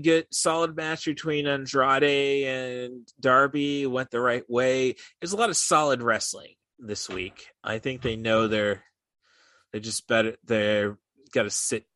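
A man's voice: medium pitch, fairly even intonation, unhurried, pushed and bright, dry recording. A young man co-hosting a podcast, rambling in casual chat with lots of "like" and "uh" fillers. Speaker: podcast co-host.

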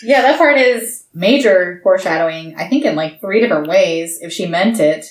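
A woman's voice: on the low side, animated, moderate pace, roomy sound. A woman co-hosting a book podcast, speaking matter-of-factly in casual chat. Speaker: podcast co-host.

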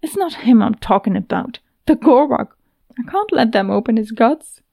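A woman's voice: fairly high pitch, very animated, normal speed, vocal fry, dark tone, dry recording, full character voice. A woman playing an anxious, stubborn young heroine. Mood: distressed. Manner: urgent, snapping.

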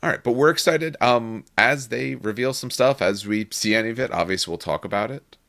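A man's voice: medium pitch, a little fast, creaky, a bit bright, no room sound. A man hosting a podcast in casual gaming chat, opinionated and rambling with restarts. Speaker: podcast host.

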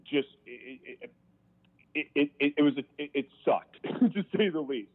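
A man telling his own story as an interview guest, frank and emotional, halting and restarting as he speaks. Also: a little high, animated, husky. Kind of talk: candid personal storytelling. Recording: tinny phone-line sound.

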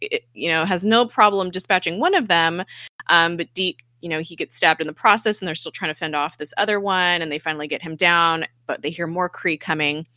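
Bright-voiced woman recapping a show. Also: fairly low pitch, no room sound, studio quality. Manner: animated retelling, acts out characters' lines. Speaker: podcast co-host recapping a TV episode. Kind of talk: casual chat, retelling scenes.

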